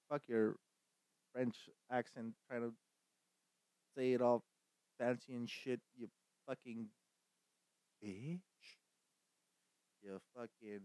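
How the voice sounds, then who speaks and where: A man chatting casually while streaming a game, rambling and swearing, bursting now and then into loud shouted insults. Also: mid-range voice, slow, pauses often, clean tone, no room sound. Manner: profane, rambling, laughs at own jokes.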